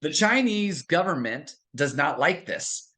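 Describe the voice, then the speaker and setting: A man's voice: a little high, sing-song, measured pace, sharp tone. A man teaching a history lesson in a casual, conversational way, asking questions and answering them himself, with many fillers. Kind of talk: casual classroom lecture.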